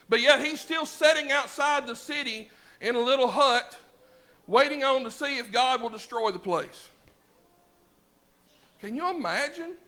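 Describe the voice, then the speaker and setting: A man with a Southern US accent preaching a sermon in a church, talking conversationally with rhetorical questions, swinging from loud emphasis to low, quiet asides. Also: normal speed. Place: church sanctuary.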